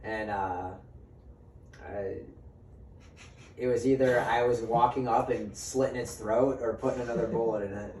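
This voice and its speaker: Casual swearing storyteller in a roomy space. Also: male voice, medium pitch, fairly even intonation, measured pace, long pauses, a little mellow, a little hiss or hum. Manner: swears freely and acts out quoted dialogue. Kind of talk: casual storytelling among friends. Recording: roomy sound from a distant mic, faint ambience.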